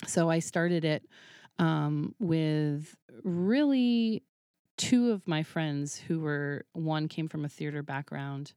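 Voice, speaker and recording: Lively woman telling a story, laughing. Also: low voice, slow pace, clean tone, no echo, clean studio sound. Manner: animated, laughs often, acts out quoted dialogue. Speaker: podcast guest, burlesque troupe founder. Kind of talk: casual interview storytelling.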